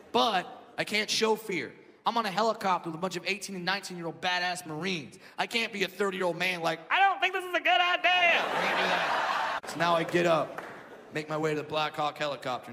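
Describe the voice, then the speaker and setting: A man in his thirties performing a stand-up comedy set, telling stories loudly and acting out shouted impressions. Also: on the high side, fairly quick. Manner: loud, animated storytelling with shouted impressions. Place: theater stage before a laughing audience. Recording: live hall recording, reverberant, noisy.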